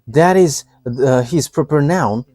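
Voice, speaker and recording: A man's voice: mid-range voice, takes it slowly, darkish tone, no room sound. A man giving a live religious teaching, talking hesitantly with many fillers and restarts and laughing often.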